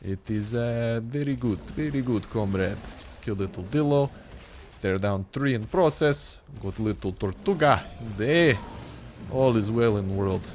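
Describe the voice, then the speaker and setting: A man's voice: lowish voice, steady tone, a little fast, hardly any pauses, mellow, slight background noise, close to an everyday voice. A man voicing a jokey comrade figure with a put-on Russian accent and clipped, broken grammar. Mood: mock-formal.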